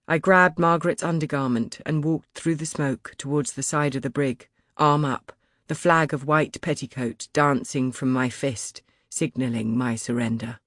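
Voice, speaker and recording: A woman narrating an audiobook in the first person, dramatic and building to loud shouts in the dialogue. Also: low-pitched, dry recording, clean studio sound.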